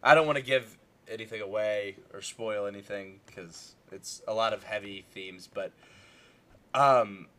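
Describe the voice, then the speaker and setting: A man's voice: fairly low pitch, a little slow, fairly bright tone, a little hiss or hum. A young man chatting casually about a movie, rambling with lots of fillers and restarts.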